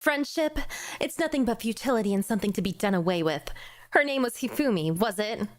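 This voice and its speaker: A woman voicing a ruthless young female squad commander, reading game dialogue aloud in a calm, measured, contemptuous tone. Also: a little high, no echo, clean studio sound, close to an everyday voice. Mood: taunting.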